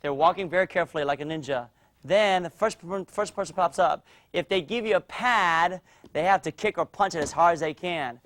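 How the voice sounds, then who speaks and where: A man teaching a martial arts class for young children, explaining drills and loudly cheering the kids on. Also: fairly high pitch, a little fast. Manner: energetic, coaching and cheering children on. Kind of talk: instructional demo with kids.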